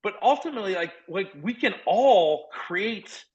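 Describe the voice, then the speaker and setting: A man in his forties from South Dakota, a podcast guest telling stories in an energetic, earnest, rambling way full of restarts. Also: sits high, a little slow, muffled recording. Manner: earnest, motivational. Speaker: podcast guest, former college football walk-on. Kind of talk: casual conversational storytelling.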